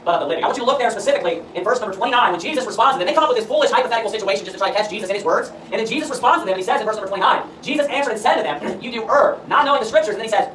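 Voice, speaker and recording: Fast-talking preacher man in an echoey room. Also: sits high, animated, fairly bright tone. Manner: emphatic, asks rhetorical questions. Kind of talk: sermon with scripture reading. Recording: roomy echo, far from the mic, faint room noise.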